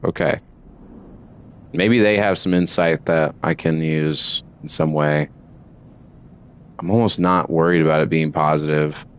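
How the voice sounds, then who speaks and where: A young man giving casual, excitable let's play commentary, swearing freely as he plays. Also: rumbling low, unhurried, pauses often, clear, resonant tone. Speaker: gamer.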